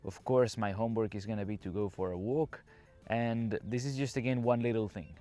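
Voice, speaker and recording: A Caribbean man with a lowish, mellow voice talks a little fast over soft background music. He's an English teacher hosting a casual podcast, strolling around an outdoor campsite and chatting to listeners directly while explaining things, all recorded on his phone.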